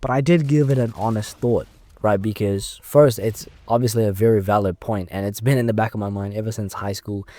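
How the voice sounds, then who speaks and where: Mellow young man musing in his car. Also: fairly low pitch, steady tone, brisk, dry recording. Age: 20s. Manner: unscripted, rambling, thinking aloud. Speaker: YouTuber. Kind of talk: casual reflective monologue. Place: inside a car.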